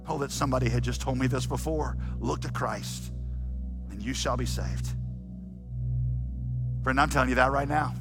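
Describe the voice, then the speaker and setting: A male pastor preaching a sermon, dramatic and building to shouts. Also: mid-range voice, normal speed, long pauses, over music. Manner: dramatic, rising to shouts when quoting.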